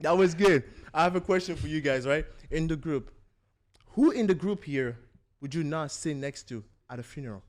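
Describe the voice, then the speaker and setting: A man hosting a casual football podcast chat, playful and quick to laugh. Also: on the high side. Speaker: podcast host.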